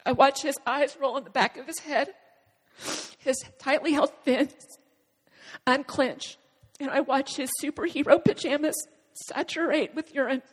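A woman with a high voice tells a personal testimony, earnest and halting, with long pauses between phrases. Her voice rings out with the long reverb of a large hall. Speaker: speaker sharing a personal testimony. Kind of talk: emotional spoken testimony.

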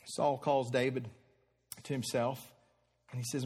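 A man's voice: mid-range voice, level tone, unhurried, pauses often, a little mellow, husky, in a large hall. A male pastor preaching a sermon with vivid, dramatic storytelling and sound effects.

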